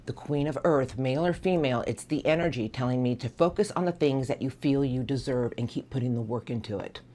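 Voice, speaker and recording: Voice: mid-range voice, a little fast, dark tone. A tarot reader giving an earnest, encouraging monthly reading. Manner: earnest, encouraging, speaks to an unseen source.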